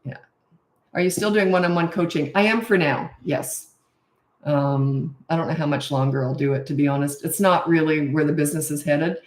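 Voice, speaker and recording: A woman's voice: low-pitched, normal speed, darkish tone. A woman in her sixties, a parenting coach, answering viewer questions in a blunt, emphatic and opinionated way. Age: 60s. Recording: echoey room.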